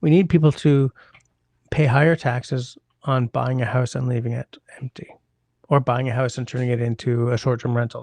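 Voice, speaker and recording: Chatty man with a gravelly voice. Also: medium pitch, flat delivery, moderate pace, a little mellow, no echo. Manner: chatty, rambling, wry asides to chat. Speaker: livestream host reading chat. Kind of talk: casual livestream chat.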